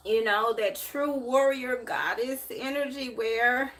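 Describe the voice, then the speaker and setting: Slow and a bit bright, with a pitch on the high side, this woman from Memphis, USA, reads tarot and hosts a casual live stream. She talks to her viewers emotionally, repeating herself.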